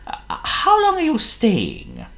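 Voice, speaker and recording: A man's voice: very high-pitched, wildly swooping pitch, a little slow, a bit bright, voice pushed up, heavily acted. A man voicing a fretful, fussy little man who stammers and gasps in panic. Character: fretful tidy little man, easily flustered.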